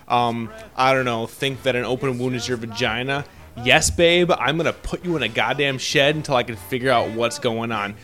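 A man's voice: mid-range voice, fairly bright tone. A man co-hosting a casual couple podcast, talking in a profane, rambling, joking way. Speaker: podcast co-host.

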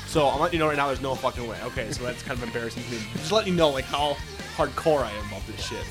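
A man hosting a podcast, telling a story in a profane, animated, rambling way. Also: medium pitch, very fast, music in the background. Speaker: podcast host. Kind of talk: casual storytelling.

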